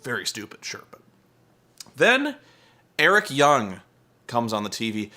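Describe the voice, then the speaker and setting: Exasperated ranting man, lively voice. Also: mid-range voice, a little slow. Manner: exasperated, swears a lot, mimics wrestlers. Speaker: wrestling recap commentator. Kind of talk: comedic profane rant.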